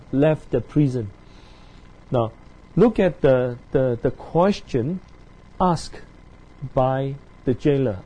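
A man teaching a Bible study, reading verses aloud and explaining them in a halting way, with many fillers and tag questions. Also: fairly high pitch, dark tone, husky. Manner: reads scripture aloud then explains.

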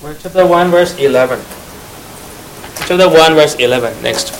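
A man with a somewhat high voice and delivers a sermon to a young congregation. He quizzes his listeners, repeats his key phrases and slips in teasing asides. A faint hiss sits under his voice. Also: normal speed, low-quality recording. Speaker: preacher. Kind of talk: sermon to young church members.

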